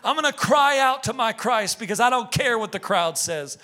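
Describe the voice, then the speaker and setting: High, bright-voiced impassioned preacher man. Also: expressive, normal speed, faint music behind. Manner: impassioned, swings from shouting to hushed. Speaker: pastor. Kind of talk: sermon.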